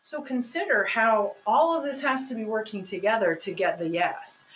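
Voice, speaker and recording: A woman's voice: on the high side, moderate pace, few pauses, a bit bright, rough recording. A woman leads a sales training session. She leans hard on key points and speaks with a coaching, instructive drive. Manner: emphatic, coaching delivery. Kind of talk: training presentation.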